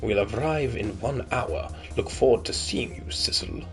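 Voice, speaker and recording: A man doing a hushed, pompous old commander. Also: fairly low pitch, measured pace, soft background music. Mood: scheming. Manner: pompous, genteel, hushed and breathy. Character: pompous scheming older male commander.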